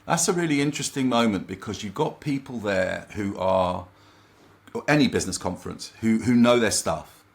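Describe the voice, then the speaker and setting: A man working as a confidence coach, telling lively anecdotes in a casual interview and acting out quoted remarks. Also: lowish voice, normal speed, gravelly.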